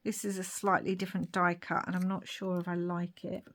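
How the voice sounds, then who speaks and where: A young woman chatting casually to her viewers while she crafts, laughing often and dropping into soft whispered asides. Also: on the low side, completely flat delivery, fairly quick. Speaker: craft vlogger.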